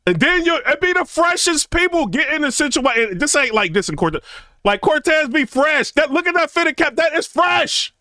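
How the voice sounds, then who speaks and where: Animated high-voiced man riffing in reaction commentary. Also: normal speed, dry recording, studio quality. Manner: animated, chatty, repeats "you know what I'm saying".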